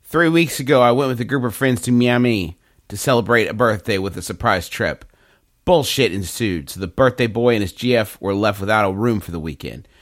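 A man's voice: on the low side, fairly quick, no room sound, clean studio sound. A man co-hosting a comedy podcast, reading a listener question and spinning absurd scenarios in loose, rambling banter. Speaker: podcast co-host.

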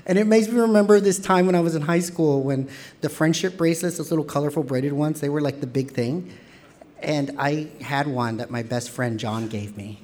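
A man in his thirties, from Texas, telling a candid personal story on stage with wry humor and lively quoted voices. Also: a little high, fairly quick.

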